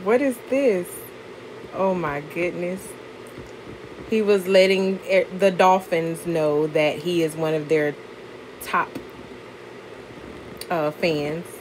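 A woman's voice: fairly low pitch, little pitch movement, slow, pauses often, slight background noise, poor audio. A woman vlogger chatting casually with lots of fillers, narrating a gift unboxing. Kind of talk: casual vlog and voiceover narration.

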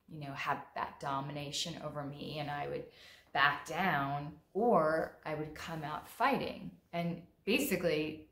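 A female therapist talks in a relaxed, candid monologue and slips into lively acted-out quotes. Her voice sits low, and the room around her rings with noticeable echo. She sounds conversational and direct. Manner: frank and conversational, acts out quotes vividly. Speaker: mental health therapist. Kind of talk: casual monologue talk. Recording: roomy echo.

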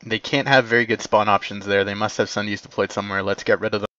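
A man commanding players in an online game, giving brisk radio-style orders over a dull lo-fi voice chat. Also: fairly low pitch, flat delivery, pushed and bright, dry recording. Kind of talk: game voice comms.

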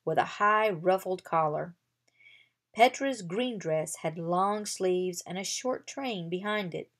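A woman reading a children's chapter book aloud in an even storytelling manner. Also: on the low side. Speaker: reader.

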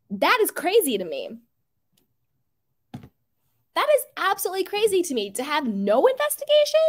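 A woman hosting a casual livestream, greeting viewers by name, reading out their comments and giving her own strong opinions. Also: a little high.

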